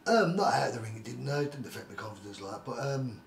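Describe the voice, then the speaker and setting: A middle-aged retired journeyman boxer, appearing as a guest in a casual interview, rambles through his stories and keeps saying "like I say" and "do you know what I mean." His medium-pitched voice is animated and fast, with some vocal fry. The recording has a roomy echo and faint background noise.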